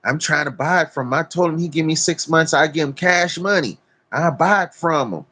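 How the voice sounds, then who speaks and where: A plain-talking rural landowner tells how he buys up land, as a man imitates him in a casual drawl. The voice sits somewhat high for a man. It sounds easygoing and unhurried. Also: pushed and bright. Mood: folksy.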